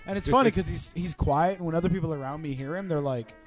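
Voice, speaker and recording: A man's voice: a little high, quick pace, faint music behind. A young man hosting a casual chat among friends, profane and teasing, telling a story and putting on voices. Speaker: podcast host.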